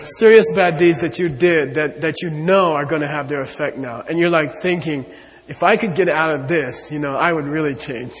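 A man's voice: on the high side, moderate pace, long reverb tail. A man giving an earnest spiritual talk to an audience, repeating his points and often saying "you know.". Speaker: Buddhist teacher.

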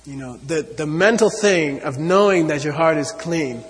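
A man's voice: fairly high pitch, lively intonation, normal speed, long reverb tail. A man giving an earnest spiritual talk to an audience, repeating his points and often saying "you know.". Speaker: Buddhist teacher.

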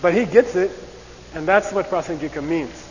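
A man teaching a class in a lively lecture style. He often checks in with "okay?" and acts out short debate phrases to show how they sound. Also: sits high, normal speed. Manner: animated, repeats "okay?" and acts out debate voices. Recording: long reverb, dull lo-fi hiss.

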